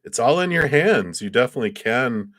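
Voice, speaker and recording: A man giving live-stream tarot readings in a gentle, reassuring way, laughing softly and clearing his throat. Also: mid-range voice, lively intonation, brisk. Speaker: tarot reader.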